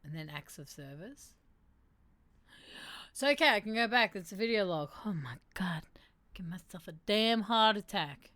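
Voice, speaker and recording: A young woman hosting a casual livestream, reading aloud and chatting, animated, laughing and swearing now and then. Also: medium pitch, normal speed, long pauses, no echo. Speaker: streamer hosting a mental health segment.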